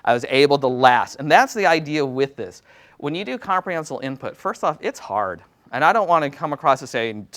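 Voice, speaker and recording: A man's voice: fairly high pitch, big pitch swings, fairly quick, a bit bright. A man who teaches Latin, giving a casual workshop presentation to other teachers in a self-deprecating, chatty way. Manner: casual, self-deprecating, chatty with many fillers and quoted asides.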